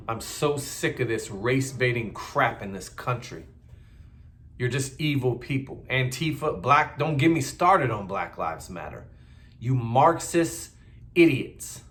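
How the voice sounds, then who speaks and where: A man's voice: mid-range voice, a bit bright. A middle-aged man, giving a blunt, heated, repetitive political rant in a casual monologue. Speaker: political commentator.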